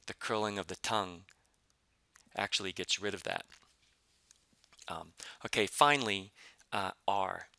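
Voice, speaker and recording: A man teaching a pronunciation lesson, explaining patiently step by step with many fillers and repeating example syllables slowly. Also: low voice, vocal fry, bright, forceful tone, no echo. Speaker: language teacher.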